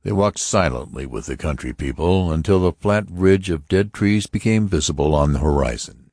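A man narrating a science fiction audiobook in a steady, measured reading. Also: sits low, no echo, clean studio sound.

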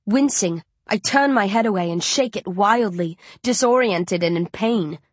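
A woman's voice: mid-range voice, measured pace, no room sound. A woman reading a tense story aloud in first person, as an audiobook narrator.

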